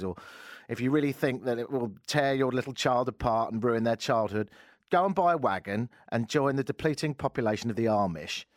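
A man's voice: fairly low pitch, dry recording, studio quality. A man hosting a casual radio talk show, wry and sarcastic, rambling between topics. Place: radio studio. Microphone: studio microphone.

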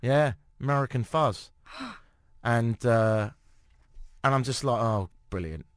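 A man's voice: medium pitch, fairly even intonation, takes it slowly, fairly bright tone, smooth, no echo, studio quality. A British man hosting a radio talk show, telling a self-mocking story with acted-out quotes in a casual chat. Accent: British English. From Britain.

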